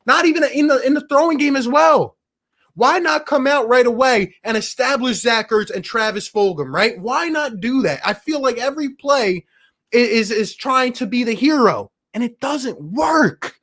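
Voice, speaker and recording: Exasperated man ranting in a high voice. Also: lively intonation, normal speed, fairly bright tone. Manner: casual slang, calls viewers bro and my guy. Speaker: sports talk show host. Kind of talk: live post-game sports rant.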